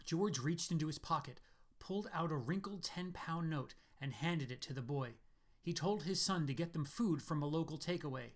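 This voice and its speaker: Man, slightly high voice, steady author reading of his own fiction. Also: moderate pace. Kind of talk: scripted narration.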